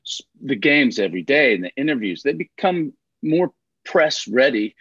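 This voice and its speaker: Animated, chatty male co-host. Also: mid-range voice, moderate pace, breathy edge, dry recording. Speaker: podcast co-host. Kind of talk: casual interview chat. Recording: dry, slightly dull lo-fi audio.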